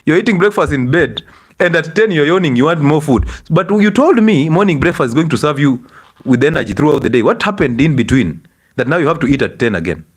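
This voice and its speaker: A middle-aged man with a Kenyan English accent, a doctor giving a lively health lecture to an audience and scolding them with rhetorical questions. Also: on the high side, brisk, slightly rough.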